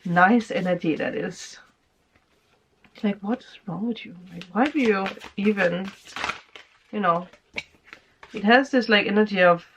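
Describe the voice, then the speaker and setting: A woman chats her way through a casual tarot reading, laughing often and acting out the reactions she describes. Her voice sits at a middle pitch, and the recording sounds a little dull and lo-fi. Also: a bit bright, breathy edge. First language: Danish. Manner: chatty, laughs often, acts out quoted reactions. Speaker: tarot reader.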